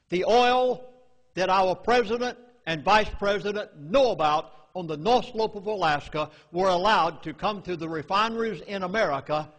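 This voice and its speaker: A man with a Southern US drawl speaks to a meeting crowd, with emphatic and urgent warnings. His voice sits a bit high, and a long hall reverb trails each phrase. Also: fairly bright tone. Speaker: public speaker. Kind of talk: public lecture to a live audience.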